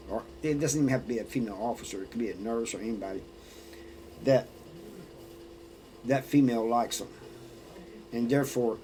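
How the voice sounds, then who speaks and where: A man with an ordinary mid-range voice tells stories from prison in a loose, casual monologue. His talk is plainspoken and unpolished, with restarts and a steady "you know." A faint room noise sits behind him. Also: mid-range voice, low-quality recording. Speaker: former prisoner sharing experiences.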